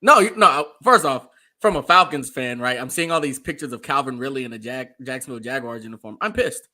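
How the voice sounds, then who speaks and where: A man's voice: mid-range voice, brisk, pushed and bright. A man co-hosting a sports talk show, agreeing a lot and chiming in with his own gripes. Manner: agreeable, backchanneling. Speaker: podcast co-host. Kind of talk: casual sports chat.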